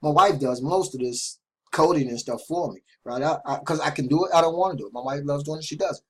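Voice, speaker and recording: A man's voice: on the high side, fast, darkish tone, slightly rough. A middle-aged man talking casually to camera about his marketing system, repeating himself, often tagging "right?" and restarting phrases. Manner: repetitive, chatty, keeps asking "right?"; restarts and stumbles over words. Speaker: online marketing vlogger. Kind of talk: casual direct-to-camera sales talk.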